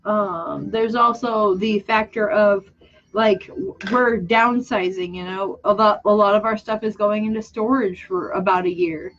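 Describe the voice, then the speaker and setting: A young woman chats casually to her viewers while she works on a drawing. She rambles candidly and pokes fun at herself, stops and restarts her sentences, and sounds a little teary. Her voice sits at a middling pitch, and the audio is slightly muffled and lo-fi. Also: fairly even intonation, unhurried. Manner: rambling, candid, self-mocking, with many restarts. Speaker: vlogger and artist.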